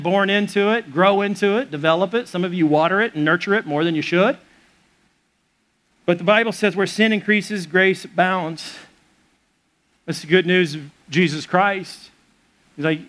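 A man's voice: high voice, fairly bright tone. A man preaching a sermon as pastor of a church, conversational and joking with the congregation.

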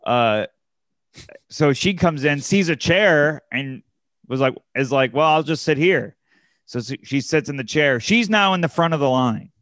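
A man's voice: medium pitch, animated, measured pace, a bit bright, no room sound, studio quality. A man casually telling a long anecdote, with many fillers and restarts. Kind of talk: casual chat, storytelling.

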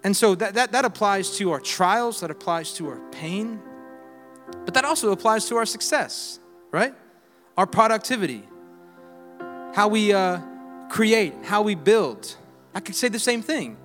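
A man preaching a sermon, swinging between loud exhortation and quiet reflection, with humorous asides and call-and-response lines. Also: sits high, lively intonation, measured pace, pauses often. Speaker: pastor. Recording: reverberant hall with faint music.

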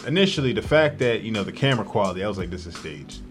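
A man's voice: on the low side, big pitch swings, rapid-fire, soft background music. A young adult man co-hosting a podcast in casual chat, tossing out crude one-liners. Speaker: podcast co-host.

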